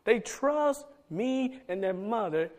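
A middle-aged man preaching a sermon, swinging between loud emphatic calls and soft low asides. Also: lively intonation, takes it slowly. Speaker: pastor.

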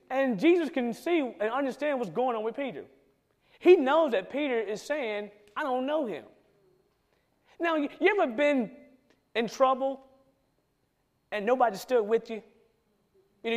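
A man preaching a sermon, telling the story with animated delivery and acted-out quotes. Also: high-pitched.

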